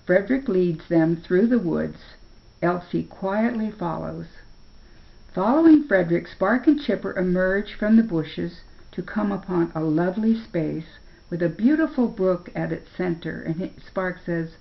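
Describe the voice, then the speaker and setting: An older woman reading a children's story aloud in a slow, careful way. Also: on the low side, lively intonation, creaky. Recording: dull lo-fi recording.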